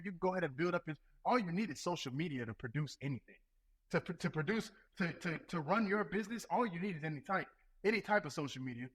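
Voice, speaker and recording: A man's voice: high-pitched, fairly bright tone. A man guesting on a podcast, talking in emphatic, slangy casual chat. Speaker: guest, Marine gunnery sergeant.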